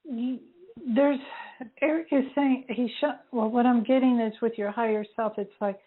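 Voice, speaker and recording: A woman's voice: a little high, fairly even intonation, moderate pace. A woman working as a spirit medium, passing on messages to callers in a hesitant, searching way, with many fillers. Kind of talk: relaying messages on a call-in radio show. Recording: narrow phone-line sound.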